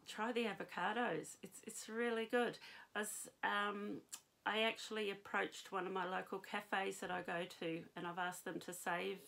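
Gravelly-voiced New Zealand woman chatting. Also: mid-range voice, a bit bright. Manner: chatty, hesitant with many ums and restarts. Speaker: knitting podcast host. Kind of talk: casual chat to camera.

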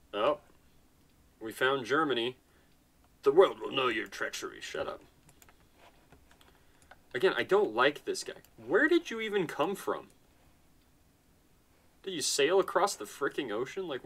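A man with a medium-pitched, fairly bright voice hosts a gaming channel. He gives easygoing let's-play commentary on his strategy game, talking to himself in a chatty, unbothered way while yawning and sounding tired.

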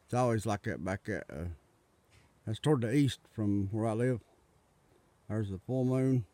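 A man's voice: lowish voice, lively intonation, normal speed, mellow, no room sound. A man talking casually and earnestly to his viewers, rambling, repeating himself and urging them to get right with God. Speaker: religious video maker. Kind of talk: casual religious video talk. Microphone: tablet mic.

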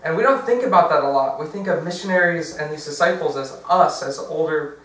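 A man's voice: fairly high pitch, brisk, fairly bright tone. A young man giving a casual workshop talk, chatty, with fillers and self-corrections. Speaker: diocesan workshop presenter. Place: large church hall. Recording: very echoey, from far off.

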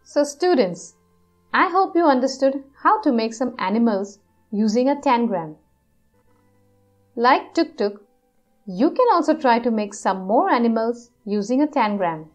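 A woman narrating a children's learning cartoon, her voice high and lilting with wide, lively pitch. She speaks slowly and clearly, talking straight to the students. Faint music runs underneath. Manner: clear, addresses students directly. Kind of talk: scripted educational narration.

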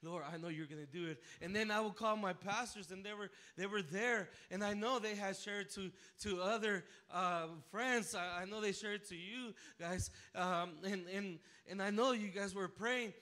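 A man preaching a personal testimony to a church, emotional and full of repeated words and restarts, rising to near shouting at the high points. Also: normal speed, few pauses. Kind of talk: sermon testimony. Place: church sanctuary.

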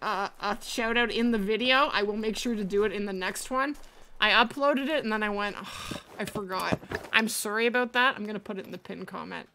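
A woman's voice: fairly high pitch, noisy background. A woman streaming a hunting game live, chatting casually, thanking viewers and often laughing. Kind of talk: live gameplay stream chat.

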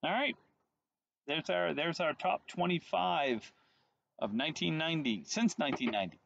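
A man's voice: a little high, expressive, moderate pace, gravelly, fairly bright tone. A man in his forties co-hosting a podcast, chatting casually on an outdoor deck in a wry, teasing way. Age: 40s. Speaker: podcast co-host. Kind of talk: casual chat. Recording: dull lo-fi sound.

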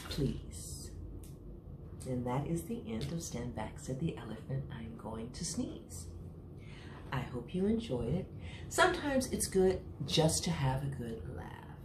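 A woman reading a children's picture book aloud in an expressive, sing-song storyteller's way. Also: a bass voice, roomy sound, noisy background.

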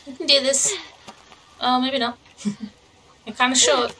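A woman's voice: high voice, a little slow, long pauses, recorded from a distance, low-quality recording. A woman playing a video game, commenting as she goes, yelping at the action and reading signs aloud. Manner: excitable, yelps and swears at the game, reads signs aloud. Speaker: gamer. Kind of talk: let's play commentary.

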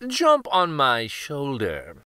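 A man voicing a sly, smooth-talking fox in a soft, coaxing manner for a storybook read-aloud. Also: mid-range voice, huge pitch swings, takes it slowly, no echo, studio quality, heavily acted.

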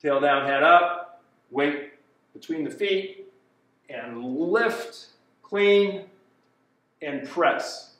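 A man's voice: a little high, a bit bright. Echoey, distant male fitness trainer. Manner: cueing movements step by step, slow and deliberate. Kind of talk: instructional exercise demonstration. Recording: echoey room, voice from far off.

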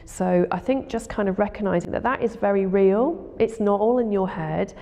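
A woman with a dark, mellow voice and a gravelly edge explains things in a calm, reassuring way. The recording carries a long reverb. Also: medium pitch, normal speed. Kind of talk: explanatory interview.

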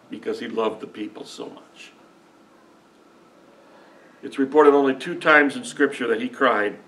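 A man's voice: mid-range voice, fairly bright tone. Middle-aged male pastor, earnest emotional folksy sermon delivery, mid-range voice, miked from a distance. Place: church sanctuary.

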